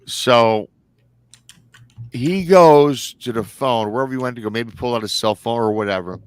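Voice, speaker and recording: A man's voice: medium pitch, normal speed, smooth. A man from Michigan hosting a livestream show, retelling a story in a chatty, colloquial way and often saying "he goes.". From Michigan, United States. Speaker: livestream host.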